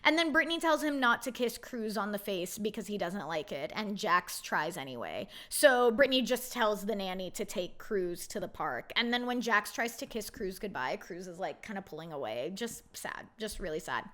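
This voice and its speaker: A woman's voice: medium pitch, lively intonation, moderate pace, hardly any pauses, fairly bright tone. A young woman hosting a reality TV recap, giving blunt, indignant commentary in a casual way.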